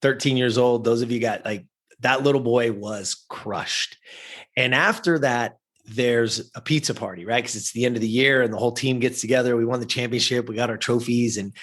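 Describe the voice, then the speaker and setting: A man's voice: mid-range voice, fairly even intonation, normal speed, a bit bright. A man, a podcast guest, telling an emotional personal story and addressing listeners directly.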